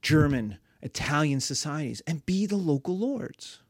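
A woman teaching history in a lively, storytelling way, with her pitch swinging widely. Her voice is dry and close to the mic. She keeps the lecture animated. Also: unhurried, breathy edge, dry recording.

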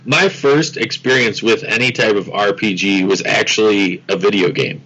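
Male podcast co-host, easygoing storyteller, low bright voice, dull lo-fi recording. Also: normal speed, slightly rough. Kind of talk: casual podcast chat. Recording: dull lo-fi sound.

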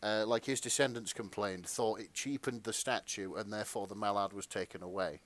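A man's voice: lowish voice, brisk, a crowd in the background. A man co-hosting a podcast, chatting through trivia and then narrating a fan story aloud. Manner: chatty, tangent-prone, lively storyteller. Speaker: podcast co-host reading the story. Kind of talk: casual chat and reading fanfic narration.

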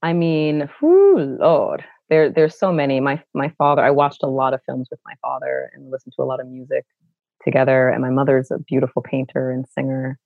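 A middle-aged woman from Brooklyn with a low contralto voice tells her stories as a podcast guest. She is animated and expressive and acts out the voices she quotes. The audio is dry and a little dull, like a remote call. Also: brisk, vocal fry, no room sound. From Brooklyn, New York. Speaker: guest, actor and educator. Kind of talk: conversational interview storytelling.

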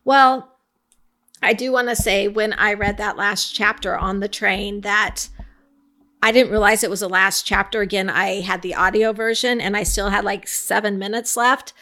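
A woman's voice: medium pitch, fairly even intonation, normal speed, pushed and bright. A woman co-hosting a podcast, reflectively retelling book scenes in casual book club chat. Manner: reflective storyteller, retells scenes with quoted thoughts. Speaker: podcast co-host.

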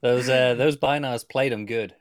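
A man's voice: medium pitch, unhurried, dry recording. A man co-hosting a casual podcast, chiming in with dry teasing remarks. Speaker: podcast co-host. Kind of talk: casual chat.

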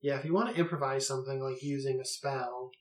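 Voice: medium pitch, fairly even intonation, quick pace, roomy sound. A game master narrating a tabletop game in loose, rambling descriptions full of filler words.

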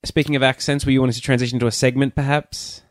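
A man's voice: mid-range voice, level tone, fast, no echo, studio quality. A man co-hosting a podcast, chatting casually and rambling through stories with lots of asides. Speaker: podcast co-host. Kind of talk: casual chat.

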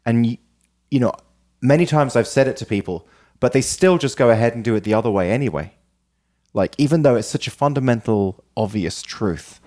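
A man's voice: mid-range voice, lively intonation, brisk, a little mellow. A man co-hosting a casual podcast chat, thoughtful and questioning. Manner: thoughtful, questioning, brief agreeing sounds. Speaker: podcast co-host.

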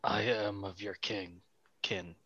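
A man voicing a blunt, loyal orc warrior who speaks in a solemn, quiet way. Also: fairly low pitch, steady tone, slow, vocal fry, muffled recording, a little hiss or hum, full character voice.

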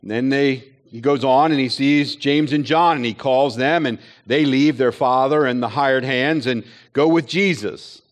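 A man preaches a sermon with earnest conviction. He leans on rhetorical questions and now and then acts out the voices he quotes. His pitch sits in an ordinary middle range. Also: a little slow, hardly any pauses. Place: chapel or hall with an audience.

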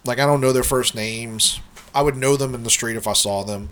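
A podcast co-host tells a rambling work story in casual chat, swearing often and laughing along while his allergies act up. His voice is medium-pitched, fairly quick, and fairly bright.

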